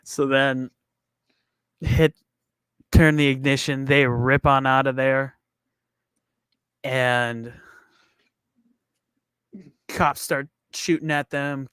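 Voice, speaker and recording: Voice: mid-range voice, a bit bright, smooth, dry recording, studio quality. A podcast co-host casually retelling a movie's plot scene by scene, laughing along the way. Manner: retells scenes with quick acted quotes, laughs often. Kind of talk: casual movie recap chat.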